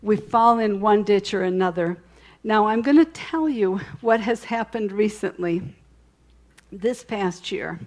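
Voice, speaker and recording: A woman giving a conversational sermon testimony, telling her story candidly with frequent restarts and asides, swinging between soft and emphatic. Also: mid-range voice, a little slow. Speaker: speaker sharing a testimony.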